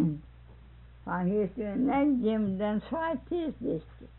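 A woman's voice: mid-range voice, animated, a little slow, creaky, long pauses, breathy edge. An older woman telling family stories, laughing often as she talks. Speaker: storyteller recalling family life. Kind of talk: casual oral history. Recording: tinny phone-like old tape.

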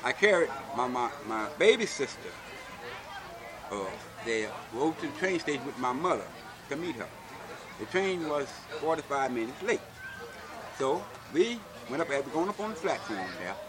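A man's voice: medium pitch, big pitch swings, normal speed, a crowd in the background. An older man, telling stories from his childhood in a folksy manner and often asking "see?". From Alabama, US. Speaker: interviewee. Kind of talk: oral history storytelling.

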